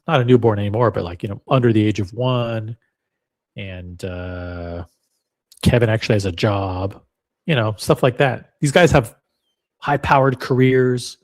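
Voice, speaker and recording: A man's voice: mid-range voice, darkish tone. A man hosting a loose, casual livestream. He rambles from one thing to the next and jokes at his own expense as he talks to the viewers. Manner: rambling, joking, self-deprecating. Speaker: livestream host.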